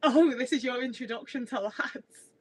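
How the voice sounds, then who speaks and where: A woman's voice: sits high, normal speed, breathy edge, rough recording. A woman, chatting casually on a livestream in a rambling way with many filler words. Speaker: streamer.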